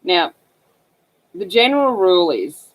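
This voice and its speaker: Very animated yet measured in pace, a woman with a fairly low, scratchy voice chats casually as she colors on her livestream. She's from northern Australia, speaks with an Australian accent, and rambles with a lot of fillers.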